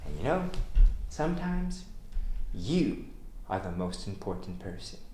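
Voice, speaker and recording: A man's voice: fairly low pitch, measured pace, a little hiss or hum. A man who tells a story and leads his listeners in call-and-response, speaking expressively and playfully. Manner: expressive, playful, sometimes sings his lines. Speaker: storyteller and teacher. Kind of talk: storytelling with audience participation. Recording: roomy echo, faint ambience.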